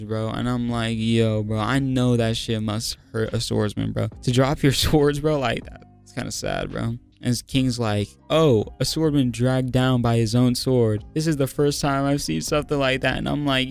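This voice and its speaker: A man's voice: mid-range voice, creaky, clear, resonant tone. A young man recapping a manga chapter in casual, slang-heavy talk, hyped and laughing often, saying "bro" constantly. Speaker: manga review host.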